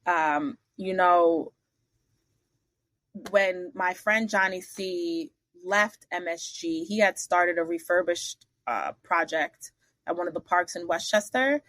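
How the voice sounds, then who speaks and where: A woman guest on an interview podcast, telling lively stories about her career, acting out the voices of the people in them, with blunt, salty asides. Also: on the low side, slow, no room sound. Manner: animated, acts out the other people in her stories. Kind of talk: casual storytelling interview.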